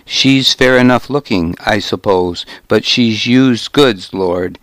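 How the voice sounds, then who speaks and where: A man's voice: lowish voice, takes it slowly, fairly bright tone, no echo. A man voicing a crude, sly warrior who mockingly haggles over captives. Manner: sly, mocking, deferential to his lord.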